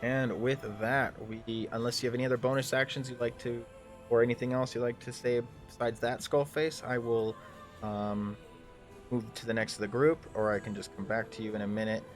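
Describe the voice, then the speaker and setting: A man's voice: medium pitch, little pitch movement, a little fast, faint music behind. A man narrating a tabletop game as game master in a loose, rambling way, full of ums and restarts.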